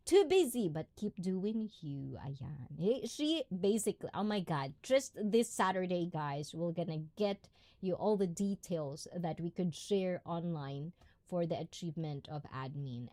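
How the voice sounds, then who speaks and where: Giggly woman chatting slowly. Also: on the low side. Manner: chatty and giggly, often trailing into laughter. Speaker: livestream host. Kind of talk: casual live-stream chat, reading viewer comments.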